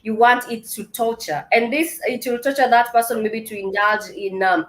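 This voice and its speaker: A woman's voice: on the high side, fairly even intonation, normal speed, fairly bright tone. Chatty woman hosting a talk show. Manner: chatty, hesitant with fillers. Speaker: show host. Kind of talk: casual chat.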